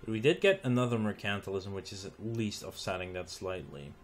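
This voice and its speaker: Low-voiced man musing over a strategy game. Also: animated, a little hiss or hum. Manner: musing aloud, halting with ums and restarts. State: tired, recording late at night. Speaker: gaming channel host. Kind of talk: let's play commentary.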